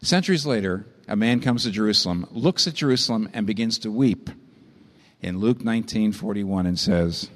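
A man preaching a sermon, impassioned, often climbing sharply in pitch to drive a point home. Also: normal speed, in a large hall. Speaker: pastor.

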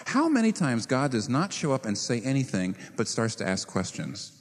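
A man preaching a sermon as pastor, animated, asking his listeners rhetorical questions. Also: medium pitch, moderate pace. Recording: reverberant hall.

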